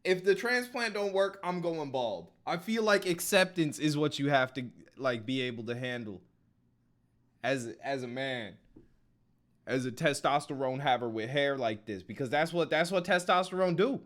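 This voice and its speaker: Male streamer, slightly high voice, profane and offhand while chatting casually. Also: expressive, normal speed, a bit bright. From Minnesota. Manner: loose, profane, joking asides to chat. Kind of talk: casual reaction stream chat.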